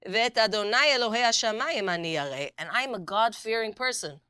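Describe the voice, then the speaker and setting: A middle-aged woman teaching a Bible class as a rabbanit, acting out the dialogue and reading verses quickly. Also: a little high, clean tone, no room sound, studio quality. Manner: animated storyteller, acts out dialogue, reads Hebrew verses quickly. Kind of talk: lively Torah class with stories.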